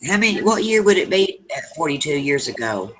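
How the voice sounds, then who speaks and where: A woman's voice: low-pitched, very animated, fairly quick, a crowd in the background, poor audio. A woman in a casual group call, chatty and easygoing, coaxing the others along.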